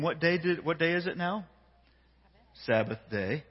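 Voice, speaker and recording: A man preaching a sermon, acting out a Bible story with a playful, animated manner on a handheld mic in a church hall. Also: a little high, a little slow, slightly rough. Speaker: pastor. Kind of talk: sermon with dramatized reading. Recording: dull sound, long hall reverb.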